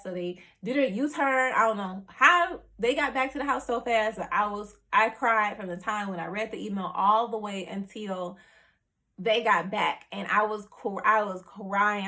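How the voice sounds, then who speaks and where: A young woman vlogger telling a personal story in a chatty, animated way, full of "like" and "you know.". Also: medium pitch, normal speed. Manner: animated, acts out her family's reactions.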